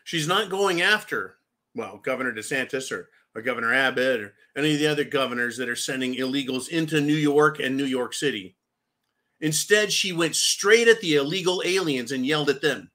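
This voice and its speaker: A man's voice: medium pitch, lively intonation, brisk, sharp tone. A man hosting a political commentary show, delivering a vehement, profane rant that keeps turning to address his audience as "folks".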